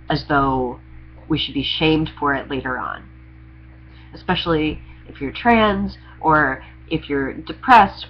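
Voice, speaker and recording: A man's voice: fairly high pitch, lo-fi sound, slight background noise. A young trans man talking candidly to camera in a rambling, confessional vlog with sarcastic humor. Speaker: vlogger. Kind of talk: candid personal vlog monologue.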